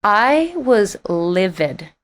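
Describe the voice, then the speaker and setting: A middle-aged woman in a podcast interview spins her stories with animated energy. She is frank and emphatic, and she keeps jumping up high to play out the people in them. Her voice sits at an ordinary middle pitch for a woman. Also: very slow. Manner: animated, acts out quoted exchanges with sharp jumps in pitch. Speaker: singer, interview guest.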